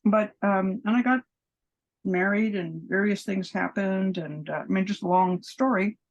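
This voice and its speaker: On a podcast, a woman in her seventies tells lengthy, rambling stories, playing the parts of the people in them and laughing frequently. Her voice is medium in pitch, her pace measured, and the audio sounds dull.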